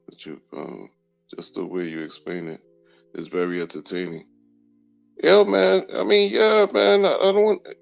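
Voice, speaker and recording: A man hosting a casual crypto livestream, talking in an animated, slangy way with lots of repeated phrases. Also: sits low, gravelly. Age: adult. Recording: dull lo-fi audio with faint music.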